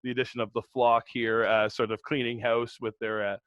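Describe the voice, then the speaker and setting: A relaxed man talks through a wrestling recap in a casual podcast chat, pausing often on "uh" and chuckling along the way. His voice is neither high nor low, and it sits close and dry on the mic with no room around it. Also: dry recording, dull audio. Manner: laid-back, lots of fillers and laughs. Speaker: podcast co-host.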